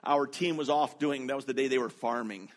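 A man preaching as a pastor, telling a story in a sermon with an animated, rising delivery for quoted lines. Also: mid-range voice, brisk. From North America.

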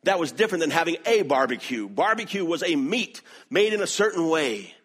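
A middle-aged man from the American South with a Southern accent, preaching a sermon with animated storytelling. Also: fairly quick, breathy edge. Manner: animated storytelling with lively swings in pitch. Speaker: pastor.

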